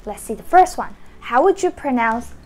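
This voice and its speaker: A woman, the founder and teacher of a Mandarin school, giving a beginner lesson and sounding out each syllable slowly and repeatedly. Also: fairly high pitch, animated, darkish tone. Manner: slow, drawn-out model pronunciations with repeated syllables.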